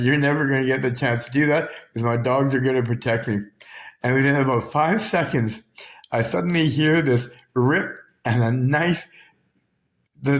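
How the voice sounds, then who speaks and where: A man with a Canadian accent telling his own story in a raw, emotionally charged, profane way. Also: on the high side. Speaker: vlogger. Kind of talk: personal storytelling.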